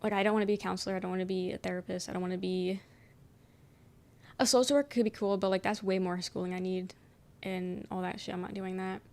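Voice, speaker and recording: With a steady, darkish, mid-range voice and a quick pace, a young adult woman chats casually with her stream viewers and reads their messages aloud. She rambles, swears without much thought, and says "um" and "like" constantly.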